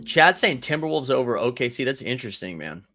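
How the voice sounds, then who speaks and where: A man talking loosely to a live chat as he hosts a basketball stream. His voice sits at an ordinary middle pitch, and he rambles, restarts and answers viewers by name in an easy, conversational way. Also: very animated, fairly quick, pushed and bright. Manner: rambling, talks to his chat, reads viewer comments aloud. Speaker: sports livestream host. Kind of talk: casual chat.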